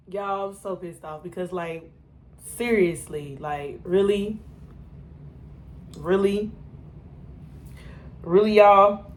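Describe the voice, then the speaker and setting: Woman, TV reaction host; slow, animated, exasperated, talks back at the screen. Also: mid-range voice. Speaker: TV reaction reviewer. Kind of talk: casual reaction commentary.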